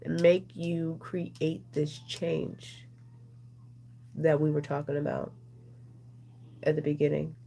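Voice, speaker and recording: A woman's voice: low voice, vocal fry, dark tone, slight background noise. A woman doing a casual, rambling oracle card reading, chatting with her viewers as she goes. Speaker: tarot reader.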